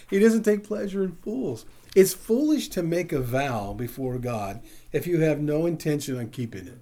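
A man's voice: a little high, lively intonation, normal speed, mellow. A man preaching a sermon to a congregation, asking questions of the room and chuckling at his own points. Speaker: pastor.

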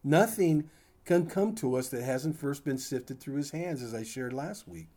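A man's voice: a little high, measured pace, dark tone. An older man preaching a sermon in a conversational, folksy way, with asides to his congregation. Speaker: pastor.

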